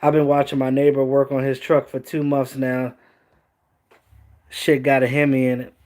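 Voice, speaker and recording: A man hosting a casual sports talk stream, animated, joking and swearing as he reacts to chat. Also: medium pitch, moderate pace. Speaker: host.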